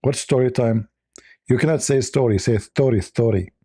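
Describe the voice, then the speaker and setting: Guy mocking stuff sarcastically, husky voice, dry close sound. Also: medium pitch, normal speed, warm tone, dry recording. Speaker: livestream host. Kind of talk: mocking commentary.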